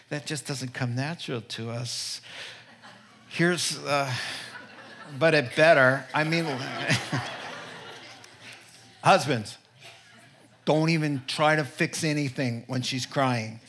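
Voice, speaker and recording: A man in middle age delivers a sermon full of jokes and stories, and he keeps turning straight to his listeners. His voice sits a little high and rings bright and forceful. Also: slow pace, pauses often. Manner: joking, storytelling, addresses the audience directly. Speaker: pastor. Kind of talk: humorous sermon.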